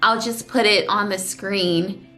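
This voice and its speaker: A young woman shares her surgery story in a casual vlog, speaking slowly in a mid-range voice. She's emotional and tearful at times, holding back crying while animatedly voicing quotes as she tells it.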